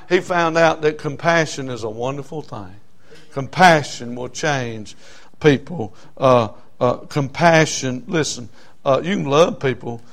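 A middle-aged man preaching a sermon. He tells homespun stories, often stops on "uh, uh" fillers, and builds up to loud emphasis. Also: medium pitch.

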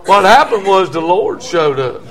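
An older man with a drawl preaches a sermon in a folksy, storytelling way. His voice sits high for a man. He swings between ringing shouts and low, confiding asides. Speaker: pastor.

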